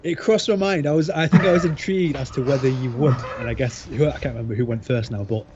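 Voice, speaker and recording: A man's voice: mid-range voice, fast talker. A man co-hosting a casual chat about a script he wrote, rambling and amused with plenty of fillers. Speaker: podcast co-host, episode writer. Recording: dull lo-fi audio with clear background hiss.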